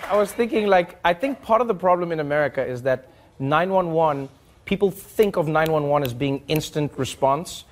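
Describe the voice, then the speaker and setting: A man's voice: fairly high pitch, moderate pace. A man with a South African accent, riffing in a loose comedic talk with lots of "like". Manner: animated, lots of "like", jumps into character voices. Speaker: comedian host. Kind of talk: stand-up style riffing.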